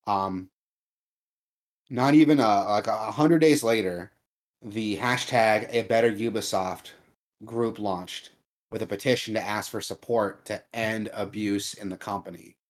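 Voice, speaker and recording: A man co-hosting a casual podcast, talking in an earnest, measured way with frequent ums. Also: on the low side. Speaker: podcast co-host.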